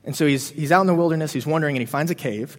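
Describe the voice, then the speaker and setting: Fast-talking man preaching in a hall. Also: a little high. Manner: conversational, retells the story with frequent "um" and "you know". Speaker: preacher to students. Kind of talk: casual sermon storytelling. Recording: reverberant hall.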